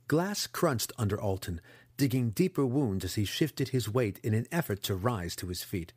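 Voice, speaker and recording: A man narrating a fantasy audiobook in an expressive, dramatic storytelling style on a close mic. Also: on the low side, moderate pace, slightly rough, no echo.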